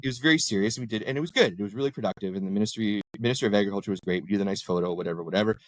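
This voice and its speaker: A man's voice: lowish voice, very fast, no echo, rough recording. A middle-aged man, a local councillor, telling anecdotes in casual chat and jumping into voices when he quotes people. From Canada. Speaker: ward councillor, podcast guest.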